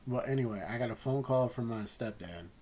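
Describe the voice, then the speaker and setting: A man telling a personal story in a casual, rambling way, halting often and swearing freely. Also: mid-range voice, darkish tone, slight background noise, rough recording. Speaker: gaming channel host.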